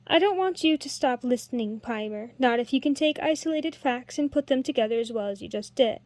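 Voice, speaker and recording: A woman reading a storybook voices a wise older master harper who is measured and kind but firm. Her delivery is expressive, pitched high with a darkish tone. The recording is dry and close, with no room sound.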